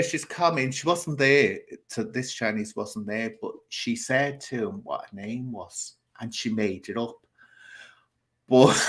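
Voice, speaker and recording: A chatty man hosts a casual talk show, spinning a long anecdote with theatrical flair. He talks at a middling pitch and breaks into laughter now and then as he tells it. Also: pushed and bright. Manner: chatty, theatrical, laughs while telling stories. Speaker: host. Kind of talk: casual chat show storytelling.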